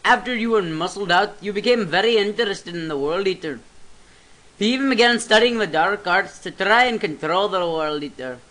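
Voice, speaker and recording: A man's voice: sits high, normal speed, bright, forceful tone, poor audio. A man voicing a stern male statesman in a video game, putting on a Scottish accent and speaking in a declamatory way. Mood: accusing. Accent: put-on Scottish.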